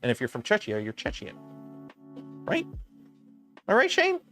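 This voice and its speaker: A man's voice: sits high, wildly swooping pitch, a little fast, fairly bright tone, faint music behind. A man with a slight lisp, hosting a casual livestream and rambling with lots of "um" and restarts. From Canada. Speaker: livestream host.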